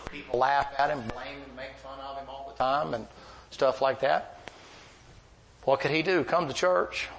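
A man's voice: medium pitch, creaky, a little hiss or hum, low-quality recording. A man preaching a sermon, telling folksy, rambling stories in plain country talk. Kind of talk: storytelling sermon.

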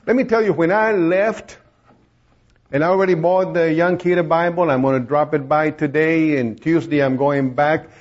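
High-voiced man preaching, lo-fi. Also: fairly even intonation, moderate pace. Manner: storytelling, acts out quoted voices, laughs often. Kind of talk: sermon testimony. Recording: dull lo-fi recording.

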